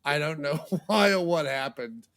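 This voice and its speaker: A man's voice: fairly high pitch, unhurried. A man hosting a podcast, telling stories in casual chat, acting out scenes and swearing freely. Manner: animated storyteller, swears freely, acts out scenes. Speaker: podcast host.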